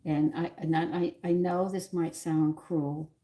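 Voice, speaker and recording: A woman's voice: sits low, flat delivery, takes it slowly, dark tone. A woman in her sixties hosting a home cooking stream from her kitchen, chatting in a rambling, opinionated way while greeting viewers. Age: 60s. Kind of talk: casual chat while cooking.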